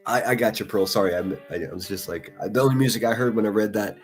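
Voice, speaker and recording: A man's voice: fairly low pitch, fast talker, soft background music. A man giving profane, taunting live-stream commentary, laughing often as he mocks. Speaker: livestream commentator.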